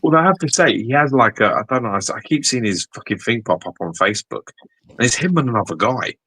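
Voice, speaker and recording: A man's voice: medium pitch, animated, fast, pushed and bright, husky. A man co-hosting a podcast in casual chat, blunt and swearing freely. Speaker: podcast co-host.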